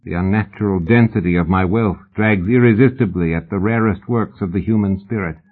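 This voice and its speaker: A man voicing a wealthy old male collector, measured and formal, with a tinny, phone-like sound. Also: fairly low pitch, close to an everyday voice. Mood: cold.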